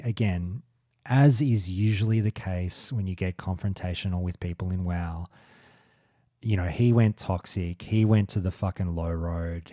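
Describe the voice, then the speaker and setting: Forty-something guy ranting on his podcast, low voice, swears a lot, dry close sound. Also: warm tone, no echo. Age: 40s. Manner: rambling, blunt and profane. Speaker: podcast host. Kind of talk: casual monologue.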